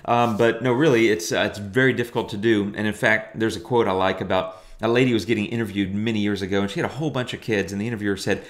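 A man's voice: fairly low pitch, steady tone, fast talker, hardly any pauses. A middle-aged man teaching photo editing in a chatty, enthusiastic way, full of fillers. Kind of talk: casual software tutorial.

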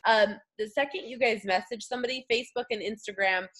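An upbeat woman hosts a casual interview, slangy and quick to cheer her guest on. Her voice sits a bit high. She keeps the talk loose and friendly in tone. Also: a bit bright. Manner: upbeat and slangy, laughs easily. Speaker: host.

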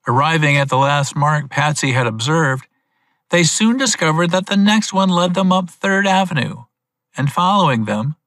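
A man narrating a storybook audiobook for English learners, clear and steady. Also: on the high side, dry recording.

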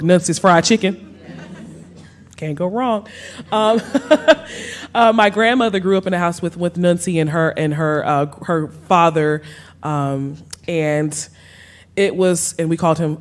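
A woman's voice: deep voice, fairly even intonation, moderate pace, slight background noise. Laughing Southern woman telling stories. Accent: Gullah Geechee Lowcountry. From South Carolina Sea Islands. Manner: warm storytelling, laughs often, says y'all. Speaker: cookbook author guest. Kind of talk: onstage conversation. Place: stage under lights before an audience.

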